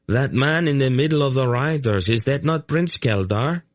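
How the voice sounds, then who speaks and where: A man's voice: medium pitch, moderate pace, no room sound, studio quality, voice pushed up, close to an everyday voice. A man voicing an earnest young male archer who speaks formally and urgently without contractions. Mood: startled.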